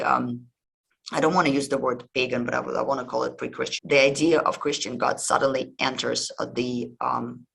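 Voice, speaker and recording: A man's voice: medium pitch, gravelly, a bit bright, slightly rough, poor audio. A man hosting a history podcast, retelling old myths in a casual lecture, hesitant and full of ums and restarts.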